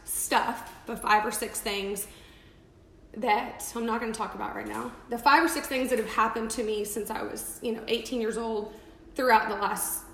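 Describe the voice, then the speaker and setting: A bright, forceful woman, talking casually on a live video. She rambles with restarts and emphatic asides, slightly high-pitched. The room is echoey, with a faint hiss behind her. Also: steady tone, normal speed. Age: 30s. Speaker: makeup seller on a live video. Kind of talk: casual live-stream talk.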